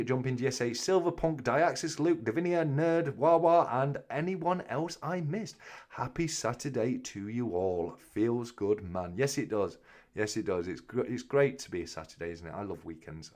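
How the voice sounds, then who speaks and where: Male stream host with a lowish voice, easygoing chat, reads out viewer messages. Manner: chatty, reads viewer comments aloud and answers them. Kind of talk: casual live-stream chat.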